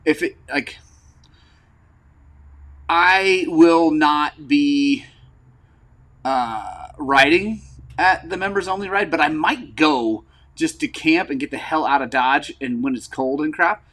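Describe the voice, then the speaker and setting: A man hosting a motorcycle channel in casual rambling vlog chat, frank and frustrated, with lots of fillers and throat clearing, recovering from an injury. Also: fairly high pitch, takes it slowly, long pauses, a bit bright, low-quality recording. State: recovering from injury, wearing a brace.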